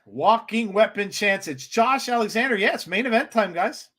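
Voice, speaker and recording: Excitable, high-voiced male commentator. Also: moderate pace. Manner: excitable, animated, many restarts. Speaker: co-host of a wrestling watchalong. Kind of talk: live reaction commentary.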